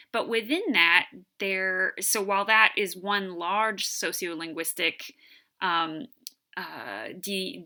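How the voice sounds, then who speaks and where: A woman giving a recorded college lecture, explaining terms in an unhurried way with frequent ums. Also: fairly low pitch, bright, forceful tone.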